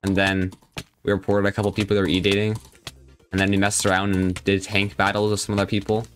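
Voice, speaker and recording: A man's voice: on the low side, monotone, quick pace, faint music behind. A young man live-streaming a game, chatting casually and joking as he reads and answers his viewers' chat.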